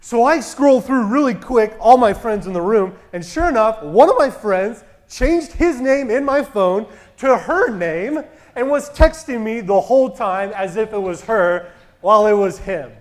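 A man in his thirties casually telling a story as a podcast co-host, animated and acting out the dialogue in a loud voice that carries. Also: high voice, a little slow. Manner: animated, acts out quoted dialogue.

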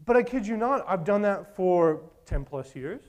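A man in his late twenties preaching a sermon, telling stories in an animated way and acting out his own past thoughts. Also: high voice, normal speed. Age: 20s.

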